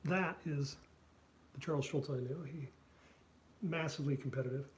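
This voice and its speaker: A man's voice: a little high, normal speed, a little hiss or hum. A man who is a cartoonist, chatting in a rambling way with many fillers and asides while he draws. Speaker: cartoonist drawing on stream. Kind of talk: casual chat while drawing.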